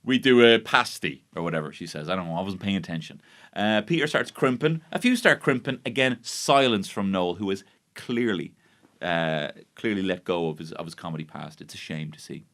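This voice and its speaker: A man's voice: deep voice, animated, a little fast, a bit bright. A man with an Irish accent hosting a podcast, recapping a baking show in a sarcastic, sweary, mock-outraged monologue. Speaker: podcast host. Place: podcast studio.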